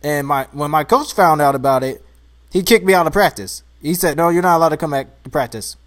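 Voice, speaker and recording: A man's voice: on the high side, lively intonation, a little fast, fairly bright tone. A young man, chatting casually in a vlog, rambling, laughing at himself and getting worked up. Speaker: vlogger. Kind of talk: casual chat.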